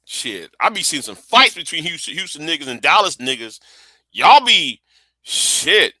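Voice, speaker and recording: A man's voice: a little high, sing-song, measured pace, sharp tone, dry recording. A man from Texas, chatting casually on a livestream in a rambling, profane way with stammering restarts. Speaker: livestream host.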